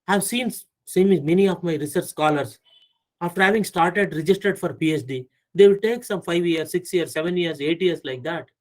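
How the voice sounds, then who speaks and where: A middle-aged man giving an earnest spiritual management talk, often repeating phrases and reciting verse quickly. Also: fairly high pitch, poor audio. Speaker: lecturer.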